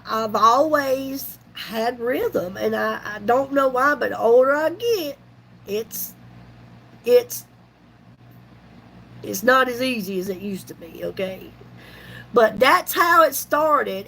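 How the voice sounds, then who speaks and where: A woman's voice: fairly high pitch, gravelly, a little hiss or hum, poor audio. A woman, telling a folksy story to her vlog viewers. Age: 50s. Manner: chatty, folksy, animated retelling with laughs. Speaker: YouTube vlogger.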